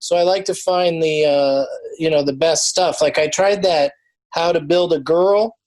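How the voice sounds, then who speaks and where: A man's voice: fairly high pitch, unhurried, a little mellow, rough recording. A man hosting a comedy podcast, chatting loosely and laughing often. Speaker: podcast host. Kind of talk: casual comedy podcast chat.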